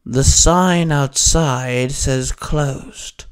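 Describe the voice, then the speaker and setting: A man voicing a gruff, reclusive male warlock who grunts his words low and quietly. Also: drawn-out words.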